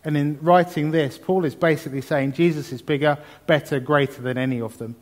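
A man's voice: on the high side, steady tone, a little fast. A man preaching a sermon, reading scripture and talking about it with exuberant emphasis. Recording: long hall reverb.

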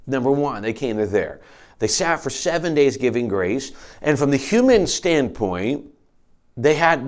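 A man preaching a sermon, earnestly explaining scripture, reading verses aloud and often restarting his phrases. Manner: earnest teaching with quoted scripture and frequent restarts; animated delivery with rises and drops in pitch and volume. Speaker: pastor.

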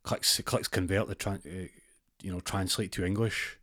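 A Scottish man telling a rambling comic story with deadpan asides. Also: low voice, normal speed, no room sound, studio quality.

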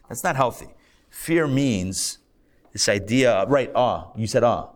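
A man, a rabbi, teaching a live class in a conversational, lively way, asking rhetorical questions and adding asides. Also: medium pitch, a little slow. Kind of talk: live lecture to a group. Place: live class in a synagogue learning center.

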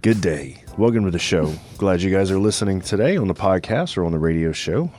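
A man's voice: deep voice, animated, fast, darkish tone, faint music behind. A man from Louisiana with a Cajun accent, hosting a casual radio and podcast chat, talking loosely with lots of "you know". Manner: conversational, rambling with frequent "you know".

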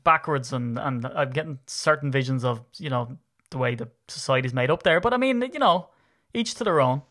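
A man, hosting a casual sports podcast, chatty and quick to laugh. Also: mid-range voice. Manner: chatty, laughing, animated banter. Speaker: podcast host.

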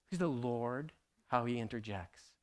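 A middle-aged man from Canada, a pastor giving a conversational testimony sermon, halting and full of fillers and tag questions. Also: mid-range voice, expressive.

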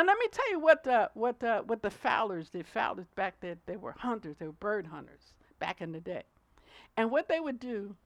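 A woman preacher giving a sermon, reading scripture and building to forceful emphasis while asking listeners to follow along. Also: mid-range voice, no room sound.

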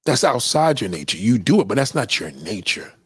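A man's voice: medium pitch, big pitch swings, fairly quick, breathy edge, no room sound. Guy ranting, blunt and profane, lecturing, dry close sound. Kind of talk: opinionated monologue.

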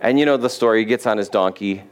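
A man's voice: lowish voice, fast talker, clean tone. A male pastor giving a sermon, retelling Bible stories in a casual, conversational way and acting out the characters.

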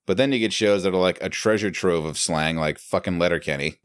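A man's voice: deep voice, a little fast, no echo, clean studio sound. A man co-hosting a podcast, wry and casual, also reading the show's plugs. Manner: wry, reads show plugs. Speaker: podcast co-host. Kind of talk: casual chat.

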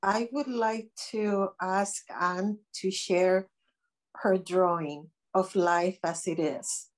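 A woman's voice: mid-range voice, fairly even intonation, slow pace. A woman on a group video call, politely asking someone to share. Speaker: group participant. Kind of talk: casual remarks on a video call.

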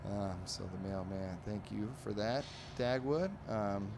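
A man's voice: fairly low pitch, a little slow, background noise. A man hosting a podcast, casually reading and describing newspaper comics aloud in a rambling, amused way. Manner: rambling, amused, lots of fillers. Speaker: podcast host.

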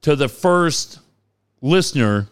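Brief: male podcast co-host, animated and crude, resonant higher voice. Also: slow, clean tone. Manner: animated, profane, joking. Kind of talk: casual sports chat. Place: garage studio.

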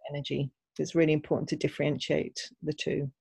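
A woman's voice: low-pitched, little pitch movement, fairly quick, vocal fry, darkish tone, husky, dry recording. A woman co-hosting a parenting podcast, explaining ideas in an earnest, reflective way. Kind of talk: casual podcast conversation.

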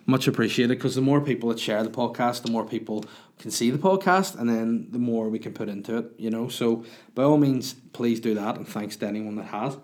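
A man's voice: mid-range voice, a little fast, a little mellow. A man hosting his own podcast, chatting casually and answering listener questions. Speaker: podcast host and comedian. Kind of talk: casual solo podcast chat.

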